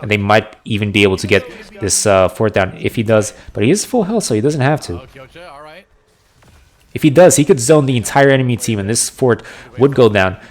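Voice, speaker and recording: A man casting a video game match with live play-by-play, analytical and getting excited on big plays. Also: lowish voice, a little fast. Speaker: esports caster.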